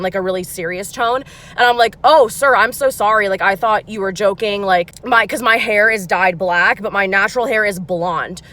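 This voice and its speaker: Chatty young woman telling a story. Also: medium pitch. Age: 20s. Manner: chatty, animated, many fillers. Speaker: gig delivery worker vlogger. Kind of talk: casual storytime vlog.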